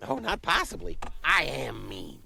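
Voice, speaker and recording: A man voicing a loud, gleefully mean male goose that honks and brags about menacing people. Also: mid-range voice, wildly swooping pitch, unhurried, gravelly, slightly rough, heavily acted. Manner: honking, gleefully mean, squealing laughs.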